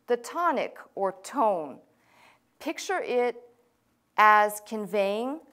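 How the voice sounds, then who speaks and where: A woman's voice: mid-range voice, fairly bright tone. A woman pastor teaching a language class, explaining patiently step by step with casual asides.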